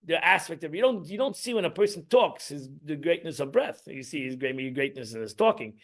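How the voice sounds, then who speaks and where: A man's voice: on the high side, lively intonation, a little fast. A man, teaching an informal Torah class in a rambling, emphatic way, restarting and repeating himself.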